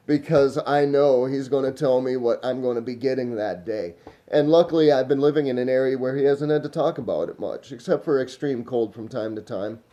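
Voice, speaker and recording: A man's voice: medium pitch, normal speed, mellow, highs cut off. A man, rambling casually to camera in a vlog while smoking. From Minnesota. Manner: meandering, smoking while talking, trailing off. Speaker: vlogger.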